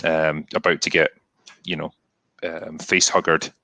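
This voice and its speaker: A very deep-voiced man hosts a relaxed film chat, his tone bright and forceful despite the low pitch. He talks in an easygoing way, full of ums and pauses, on a dry, close recording. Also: dry recording. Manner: laid-back, many ums and trailing pauses. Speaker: podcast host.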